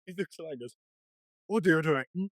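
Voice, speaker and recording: A man's voice: a little high, quick pace, dry recording. A young man co-hosting a podcast, telling stories in casual chat, swearing a lot and acting out what people said. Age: young adult. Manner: swears a lot, acts out quotes. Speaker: podcast co-host.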